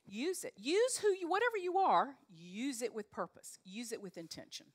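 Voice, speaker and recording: A woman's voice: on the high side, very animated, normal speed. An older woman from North Carolina with a Southern accent, a leadership coach giving a chatty, direct motivational talk to a live audience. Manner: chatty, direct, folksy with frequent fillers. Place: event room with a live audience.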